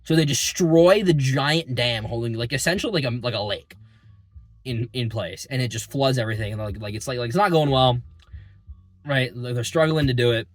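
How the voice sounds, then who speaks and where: A young man recapping a movie in a rambling, excitable way, full of fillers and casual swearing, recorded in a parking lot. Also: medium pitch, moderate pace, no room sound, faint music behind. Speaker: movie reviewer.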